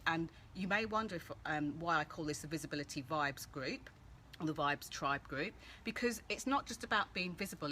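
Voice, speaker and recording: A woman hosting a casual live-stream Q&A, chatty and animated, greeting viewers by name as she gives coaching tips. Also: fairly low pitch. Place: outdoors-adjacent room with street noise. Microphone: phone or laptop live stream. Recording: faint background street noise.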